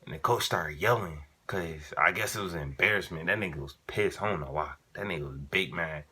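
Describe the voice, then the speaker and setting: Deep-voiced young man telling stories. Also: fairly quick, hardly any pauses, sharp tone, husky. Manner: slangy, profane, laid-back storytelling. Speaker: vlogger. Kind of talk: casual storytime.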